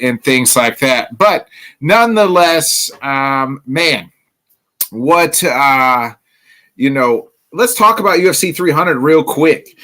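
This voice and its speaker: A man's voice: mid-range voice, bright, forceful tone. A man hosting a casual solo sports podcast, rambling with lots of fillers. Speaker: podcast host.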